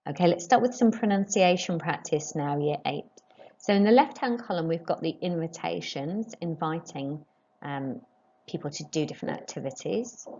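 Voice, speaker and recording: A woman teaching a French lesson, modelling phrases slowly and clearly for pupils to repeat. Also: low-pitched, mellow, highs cut off. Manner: slow, clearly modelled French pronunciation with rising questions. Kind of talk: recorded classroom lesson.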